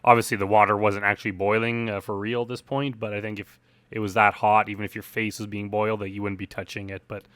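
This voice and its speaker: A man giving a relaxed, rambling director's commentary on his film, full of fillers like "like" and "uh". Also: lowish voice, fast talker, clear, resonant tone.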